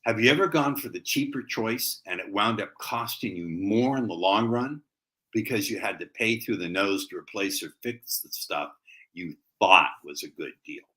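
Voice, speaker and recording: A man's voice: lowish voice, moderate pace, fairly bright tone, rough recording. A man who is a guest sales trainer, teaching techniques with emphatic, playful stress on key words.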